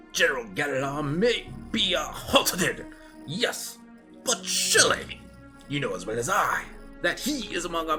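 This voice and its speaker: A man voicing an earnest, excitable male officer, speaking in a raised, indignant tone. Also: mid-range voice, close to an everyday voice.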